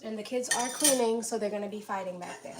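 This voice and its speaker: A woman's voice: medium pitch, quick pace. A young woman hosting a casual cooking live stream, chatting with viewers by name and laughing often as she cooks in her home kitchen. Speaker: livestream host cooking dinner. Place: home kitchen with pots and dishes clattering. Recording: kitchen clatter and household noise in background.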